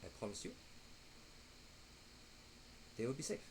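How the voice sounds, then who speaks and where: A man voicing a brisk, formal female elf agent in a tabletop game, with faint background noise. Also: medium pitch, sing-song, a little mellow, poor audio. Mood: reassuring. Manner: stiff, formal, then flustered whispering.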